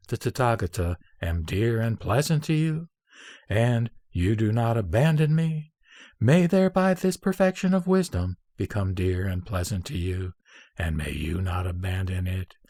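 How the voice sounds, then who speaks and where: A man reading an old Buddhist scripture aloud in a measured, solemn recitation, pacing out long lists phrase by phrase. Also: medium pitch, darkish tone, dry recording, studio quality.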